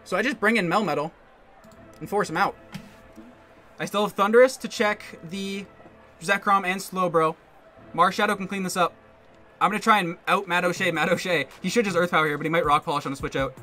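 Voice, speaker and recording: A man commentating his own competitive game match, thinking aloud in quick bursts and getting excitable. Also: high voice, soft background music. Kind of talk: live gameplay commentary.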